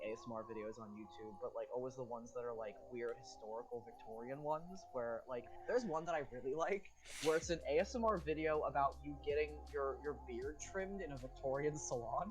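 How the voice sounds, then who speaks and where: A woman's voice: a bass voice, fairly quick, hardly any pauses, over music, poor audio. A young woman co-host in casual chat on a stream, joking, swearing freely and laughing often.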